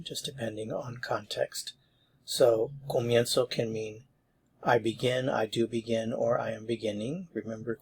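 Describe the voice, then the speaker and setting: A man's voice: medium pitch, husky. A man teaching a Spanish grammar lesson online, explaining verb forms patiently and encouragingly.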